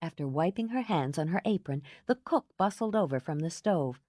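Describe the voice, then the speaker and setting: A woman narrating a novel in an expressive, dramatic reading style. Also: low-pitched, moderate pace, few pauses, no room sound, studio quality. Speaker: audiobook narrator.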